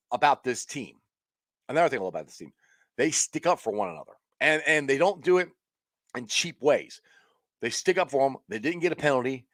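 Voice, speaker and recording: A man hosting a casual live-stream sports chat. He rambles in an excitable way, with frequent restarts and laughs. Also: medium pitch, dry recording, clean studio sound. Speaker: sports talk show host.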